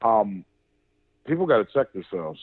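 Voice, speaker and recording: A man co-hosting a casual sports podcast, telling animated stories with cursing and many restarts. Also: fairly low pitch, normal speed, husky, no room sound. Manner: animated storyteller, swears, frequent restarts. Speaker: podcast co-host. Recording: dry, tinny phone-like line.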